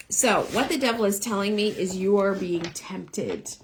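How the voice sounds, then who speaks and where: A middle-aged woman reads tarot live for her viewers, with a lively, swinging voice and a chatty, reassuring way of talking. She speaks to each viewer by name. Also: medium pitch, a little slow, few pauses, slight background noise. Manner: chatty, encouraging, talks straight to viewers. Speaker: tarot reader. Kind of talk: live one-card tarot readings.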